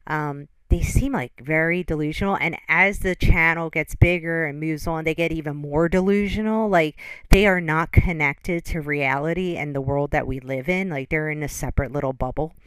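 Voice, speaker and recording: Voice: medium pitch, normal speed, few pauses, a bit bright, smooth, no room sound. A reaction channel host giving casual, judgmental commentary on a video and reading chat comments aloud.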